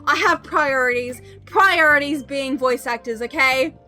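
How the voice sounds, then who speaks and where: A young woman live-streaming a game, chatting loudly and excitedly with her viewers. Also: high-pitched, measured pace, faint music behind. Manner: excitable, loud, bursts into squeals greeting chat. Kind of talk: casual live-stream chat while gaming.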